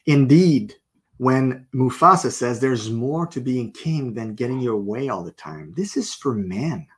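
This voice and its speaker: A middle-aged man preaching a sermon, telling a story and acting out the people in it with lively voices. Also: medium pitch, a little slow. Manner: animated storyteller acting out characters.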